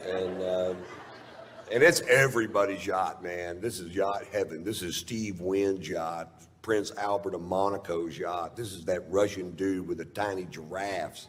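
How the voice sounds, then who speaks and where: A man's voice: deep voice, steady tone, normal speed. A male stand-up comedian telling a rambling, profane story on stage, speaking in a laid-back way into a handheld mic. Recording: reverberant hall, faint noise.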